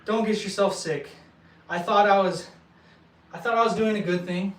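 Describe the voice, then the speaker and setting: A young man from El Paso, short of breath, talking earnestly to his viewers with halting restarts. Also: high voice, steady tone, slight background noise. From El Paso, Texas. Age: young adult. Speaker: vlogger. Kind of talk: casual talk to viewers. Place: indoor building site. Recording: echoey room, mic at a distance.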